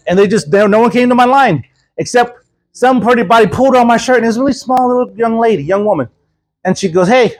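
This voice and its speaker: A man preaching, telling a story with lively acted-out dialogue and frequent laughter. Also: high voice, a little fast. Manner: animated, acts out dialogue, laughs often. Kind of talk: storytelling sermon.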